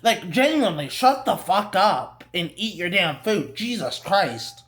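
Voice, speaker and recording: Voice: medium pitch, big pitch swings, a little slow, a bit bright. Young reviewer venting about a film: mid-range voice, loose and profane, keeps restarting sentences. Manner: profane, exasperated, rambling with restarts. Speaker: movie reviewer. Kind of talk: casual ranting film review.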